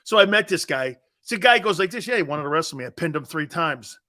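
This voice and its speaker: A middle-aged man hosting a sports talk show, telling a family story with loud laughs and acted-out quotes. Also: fairly high pitch, fast. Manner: excitable, laughs loudly, acts out quotes.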